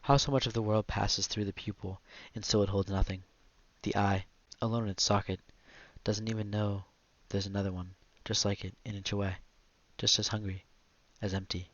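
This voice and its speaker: A man reads literary fiction aloud in a measured, quiet and reflective way. His voice is low and nearly flat in pitch. The recording is dry and slightly dull. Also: no echo. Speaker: audiobook narrator. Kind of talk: literary audiobook narration.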